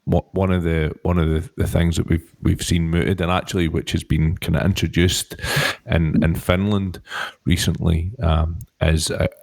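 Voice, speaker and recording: A man interviewing a guest, asking questions in a halting way and restarting his phrases often. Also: low voice, little pitch movement, gravelly, a little mellow, no room sound. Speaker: podcast interviewer.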